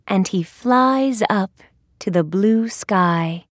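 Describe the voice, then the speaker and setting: A woman reading a simple fairy tale aloud for English learners, careful and deliberate. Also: on the low side, no echo, studio quality. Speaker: storyteller.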